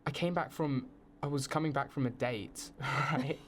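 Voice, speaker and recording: A man's voice: medium pitch, normal speed, a little hiss or hum. Chatty young English man. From England. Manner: chatty, animated storytelling with frequent fillers. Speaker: student guest. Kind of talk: casual podcast chat.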